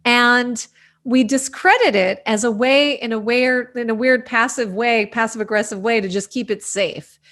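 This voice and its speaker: Host, woman, a touch higher pitch, reflective conversational tone. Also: moderate pace, a bit bright. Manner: reflective, encouraging commentary. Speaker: podcast host. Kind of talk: casual conversational interview.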